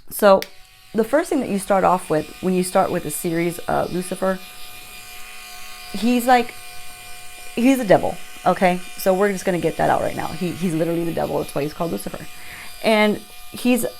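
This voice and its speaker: A woman's voice: fairly low pitch, normal speed, creaky, pauses often, a little mellow, slight background noise. A woman beauty vlogger telling a rambling, chatty storytime with playful asides, recorded on her phone at home at night. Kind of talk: casual storytime chat.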